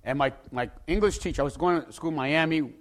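A man telling a dramatic personal story, acting out the people in it and bursting into shouts at the tense moments. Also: a little high, fast. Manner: acts out the people in his story. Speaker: storyteller giving a personal testimony.

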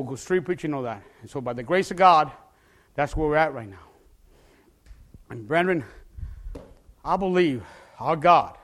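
A male pastor preaching a testimony with passion, often bursting into shouts and repeating words as he starts a phrase. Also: a little high.

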